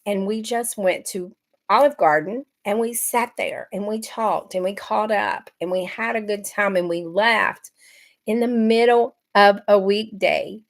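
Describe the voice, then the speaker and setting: A woman's voice: mid-range voice, a little slow, vocal fry. A middle-aged woman from Georgia, chatting casually on a livestream and greeting viewers by name. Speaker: livestream host.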